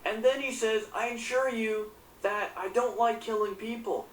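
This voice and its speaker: This woman's voice is a little high, with fairly even intonation at a normal speed. Working as a commentator, she relays a news story and reacts with indignation, cursing frequently. The mic is far away, leaving a roomy echo, an off-mic quality, and a faint hum.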